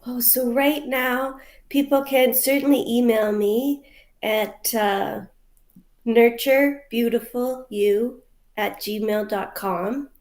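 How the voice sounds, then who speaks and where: Slow, hesitant Canadian-born woman coach. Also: a little high, steady tone, a little mellow. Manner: hesitant, many fillers, heartfelt. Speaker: guest, mental health coach. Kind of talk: interview answers.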